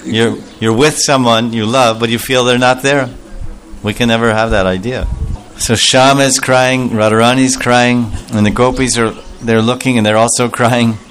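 A man's voice: medium pitch, steady tone, normal speed, fairly bright tone. A man telling a devotional story as a sermon, acting out the voices of its characters with rising emotion. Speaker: spiritual storyteller.

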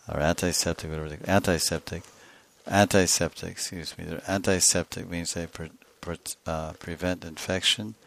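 A man giving a scripture lecture as a spiritual teacher, telling stories animatedly and acting out scenes. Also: deep voice. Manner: animated storytelling, acts out scenes.

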